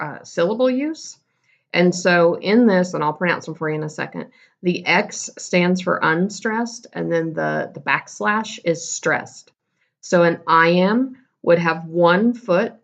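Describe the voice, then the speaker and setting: A woman's voice: lowish voice, muffled recording. A woman teacher giving a casual recorded lesson, explaining terms and correcting herself as she goes.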